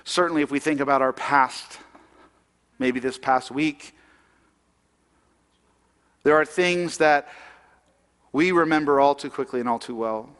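A man's voice: medium pitch, unhurried, pauses often, fairly bright tone, clean tone, long reverb tail. A man preaching a sermon in a conversational way, asking the congregation questions. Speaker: pastor.

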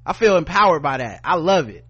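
A man's voice: a little high, sing-song, fairly quick, pushed and bright, husky, dull audio. A man with a Southern US accent co-hosting a podcast, ranting heatedly and sarcastically, swearing often and reading news aloud. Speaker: podcast co-host. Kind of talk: profane opinion podcast rant.

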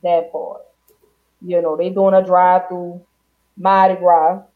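A woman's voice: lowish voice, level tone, takes it slowly. Playful woman podcast host, lo-fi. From Louisiana. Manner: playful, sings out greetings. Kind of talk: casual chat. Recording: dull lo-fi sound.

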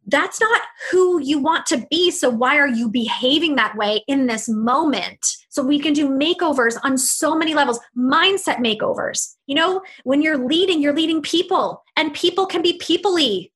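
A middle-aged woman hosts a solo podcast, talking in an earnest, animated, heartfelt way. Her voice sits a little high and sounds bright and forceful. She speaks as a business coach to her listeners. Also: moderate pace, hardly any pauses. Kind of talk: casual solo podcast monologue.

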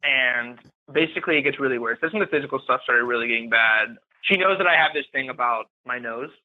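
A man as a podcast guest giving a candid, halting, emotional personal account. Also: mid-range voice. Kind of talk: personal account of domestic abuse. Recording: tinny phone-like line.

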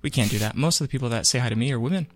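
A man's voice: medium pitch, racing, soft background music. A man co-hosting a podcast, telling a story in casual chat and acting out the quotes. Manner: animated storytelling, acts out quotes. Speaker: podcast co-host.

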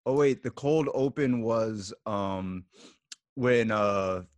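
A man's voice: lowish voice, slow, dry recording. A man co-hosting a casual podcast from home who laughs easily and jumps in often. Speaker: podcast co-host. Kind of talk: casual chat.

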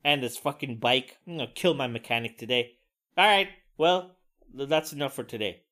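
A man's voice: medium pitch, lively intonation, normal speed, bright, forceful tone. Blunt, profane man ranting on his podcast. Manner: loose, conversational asides. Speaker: podcast host. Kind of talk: casual solo monologue.

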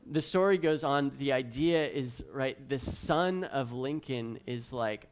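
Young male preacher, mid-pitched, chatty sermon delivery, loose and full of "like", acts out quoted voices. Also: measured pace, few pauses. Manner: animated storytelling, many fillers like "like". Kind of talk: casual sermon.

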